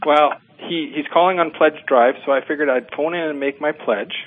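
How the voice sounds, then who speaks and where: A man, calling in to a show and chatting casually, halting with fillers and restarts. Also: fairly high pitch, narrow, tinny audio. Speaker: caller. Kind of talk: casual phone-in chat.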